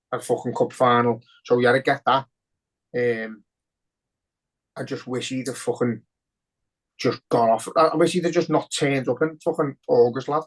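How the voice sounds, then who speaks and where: A young man with a Scouse accent talks in a loose, sweary rant on a podcast. His voice sits at an ordinary middle pitch, and he sounds worked up as he rushes into his points. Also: fairly bright tone. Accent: Liverpool. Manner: heavy swearing, emotional and ranting. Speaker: podcast co-host. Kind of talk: casual podcast chat.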